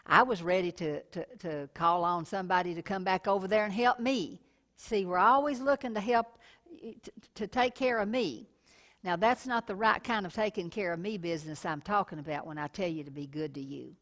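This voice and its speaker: A woman's voice: on the low side, moderate pace, fairly bright tone. A middle-aged woman preaching a televised sermon in a folksy way, calling listeners honey and telling personal stories.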